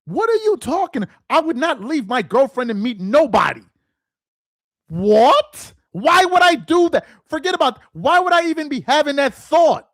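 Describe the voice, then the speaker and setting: A man hosting a sports rant show, mocking and exasperated, firing off rhetorical questions, tripping over repeated words and rising into shouts. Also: very high-pitched, very animated, moderate pace, dry recording, clean studio sound. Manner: stumbles and repeats words when worked up; rises into shouts. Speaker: sports commentator host.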